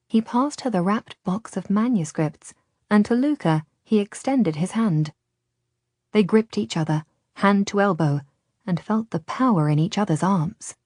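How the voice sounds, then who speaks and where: A woman narrating an audiobook in a calm, measured storytelling manner. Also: medium pitch, no echo, clean studio sound.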